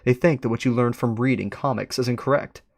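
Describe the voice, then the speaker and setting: A man's voice: mid-range voice, brisk, gravelly, no echo, clean studio sound. A man voicing a chipper young man who teases his friend. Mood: teasing.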